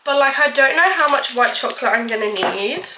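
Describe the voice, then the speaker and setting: A woman's voice: sits high, lively intonation, brisk, sharp tone, roomy sound, a little hiss or hum, poor audio. A woman vlogging as she bakes in her home kitchen, rambling casually and poking fun at herself. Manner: chatty, rambling, self-deprecating, full of "like". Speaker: baking vlogger. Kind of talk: casual chat to camera.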